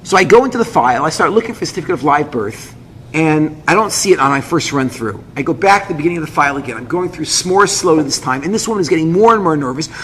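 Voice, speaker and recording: A rabbi tells a dramatic personal story in a lively, high, bright voice, acting out the dialogue. He drops in quick asides as he goes. The talk carries a long hall reverb over faint noise. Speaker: rabbi, speaker.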